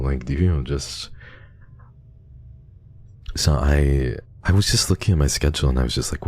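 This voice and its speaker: A man streaming, chatting casually and reading donations with a halting, stammering, heartfelt manner. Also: rumbling low, animated, gravelly, a little mellow, no room sound.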